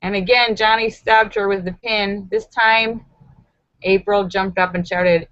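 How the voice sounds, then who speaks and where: On a dull, dry, lo-fi computer microphone with no echo, a woman streams live and reads viewers' jokes with dramatic flair. She breaks into voices, shrieks the punchlines, laughs often and makes chatty asides. Her voice is medium-pitched, fairly bright and fairly even in intonation, at a measured pace.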